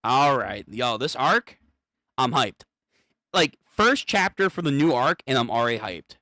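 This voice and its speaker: Hyped young man reacting, lively pitch. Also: a little slow, no echo, clean studio sound. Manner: hyped, swearing slangy reactions. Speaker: comic read-through host. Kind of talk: casual reaction reading.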